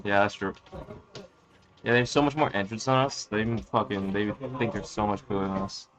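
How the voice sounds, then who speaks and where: A man's voice: on the low side, steady tone, a little fast, a bit bright. A young man giving crude, joking, offhand live game commentary. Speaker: esports commentator.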